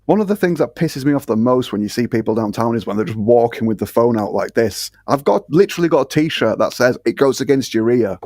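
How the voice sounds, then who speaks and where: A man's voice: mid-range voice, expressive, fast talker, hardly any pauses, a little mellow, no echo, studio quality. A man guesting on a podcast, complaining bluntly with lots of swearing in casual chat.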